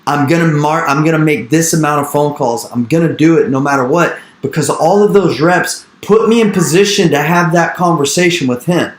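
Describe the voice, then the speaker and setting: A man in his thirties telling an animated story in an interview, repeating his phrases and acting out the dialogue he quotes. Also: fairly high pitch, a little fast, few pauses, roomy sound. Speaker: real estate investor speaking to an investor group. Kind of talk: energetic storytelling talk.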